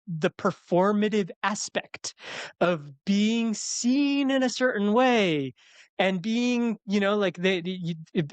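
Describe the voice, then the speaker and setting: A man's voice: high voice, dry recording. A man co-hosting a podcast who teaches yoga, explaining his views in an opinionated, casual way. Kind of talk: casual chat.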